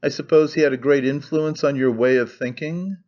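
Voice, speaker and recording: Male reader as a skeptical young man, dry, probing, slightly high voice, muffled lo-fi audio. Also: steady tone, moderate pace, darkish tone, close to an everyday voice. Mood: questioning. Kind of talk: audiobook character reading.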